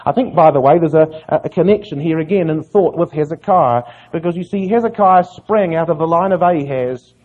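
A man's voice: on the high side, normal speed, few pauses. A man preaching an earnest Bible exposition sermon, putting questions to his listeners and answering them himself. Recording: muffled lo-fi sermon recording.

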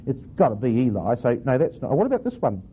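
A man teaching a class on how to read a scripture verse, reading it aloud slowly with different stresses and then questioning his listeners. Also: medium pitch, huge pitch swings. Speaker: Bible teacher. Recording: tinny phone-like recording with faint noise.

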